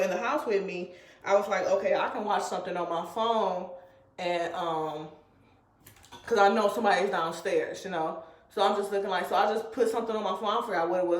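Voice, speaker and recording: Rambling woman telling a story, echoey. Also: medium pitch. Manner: rambling, filler-heavy retelling. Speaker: vlogger. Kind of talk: casual storytime.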